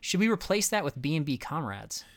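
A man's voice: a little high, sing-song, a little fast. A man co-hosting a podcast, chatting playfully and laughing often. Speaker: podcast co-host. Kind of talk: casual chat.

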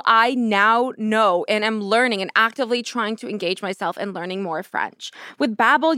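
A woman's voice: fairly high pitch, a bit bright, no room sound, clean studio sound. A young woman in her twenties, a podcast host doing sassy, playful ad reads and a slangy monologue. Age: 20s.

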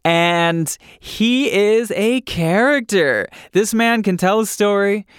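A man's voice: high-pitched, slow pace, clean tone, dry recording, studio quality. A man hosting an interview, talking eagerly in a casual way as he introduces his guest. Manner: eager, animated intro talk. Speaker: podcast host.

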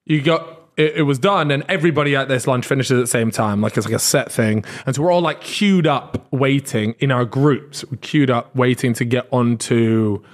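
A man, podcast co-host, telling a long story in casual chat, animated, swearing and acting out what others said. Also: medium pitch, moderate pace, hardly any pauses. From Britain. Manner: animated, swearing, acts out quotes.

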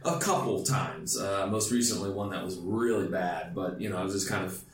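A man's voice: sits low, brisk, roomy sound, slight background noise. A man hosting a podcast interview, telling stories animatedly, acting out quotes and laughing often. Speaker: podcast host interviewing guests. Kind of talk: casual interview chat.

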